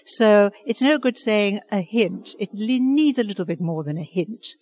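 A woman's voice: medium pitch, animated, normal speed, hardly any pauses, darkish tone. Earnest older woman dialect coach. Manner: earnest, emphatic, passionate about her craft. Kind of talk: conversational interview.

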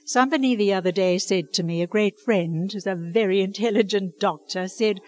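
A dialect coach, an older woman, talks about her craft with passion, earnestness, and emphasis in a conversational interview. She speaks in a mid-range voice at a moderate pace, hardly pausing.

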